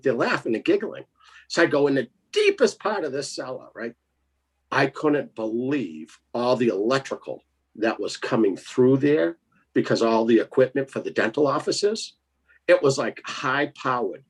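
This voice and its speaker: A man with a husky, slightly breathy voice sits at an ordinary middle pitch. He tells a spooky story in a lively, emphatic way and keeps checking in with his listener. It sounds like a relaxed interview guest. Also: moderate pace. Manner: lively, emphatic, tags lines with 'right?'. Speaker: paranormal investigator guest. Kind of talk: casual storytelling.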